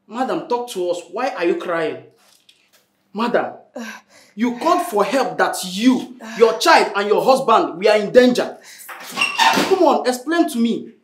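An actress with a Nigerian accent playing a responder who firmly coaxes a crying caller to explain. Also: female voice, mid-range voice, very animated, slow, long pauses, roomy sound. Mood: coaxing. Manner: firm, coaxing questions.

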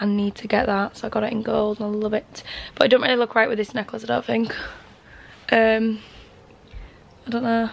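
A woman's voice: fairly high pitch, creaky. Young woman, Northern English accent, chatty rambling vlogger, filler-heavy, phone mic at home. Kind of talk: casual vlog chat.

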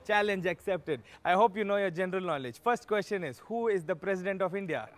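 A man's voice: sits high, expressive, fairly quick. A man voicing a cocky young prank host who teases strangers in vlogger style. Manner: cocky, teasing vlogger talk.

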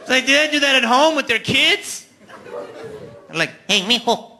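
A man performing a stand-up comedy routine on a live stage, telling stories with animated punchlines into a handheld mic. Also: very high-pitched, normal speed, a little hiss or hum. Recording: live club recording with crowd laughter.

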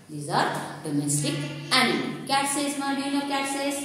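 A woman teacher leads a kindergarten lesson, drawing out words slowly and repeating them in a lively, up-and-down sing-song. Her voice carries from a distance in a big echoey hall with a long reverb tail. Faint background noise sits underneath. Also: on the high side. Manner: slow, repetitive, sing-song drilling of words with "ma" tags. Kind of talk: classroom lesson to young children.

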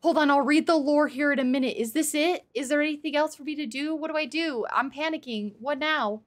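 High-voiced excitable woman streamer. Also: brisk. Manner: excitable, swears, laughs, talks to chat. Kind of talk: live gameplay commentary.

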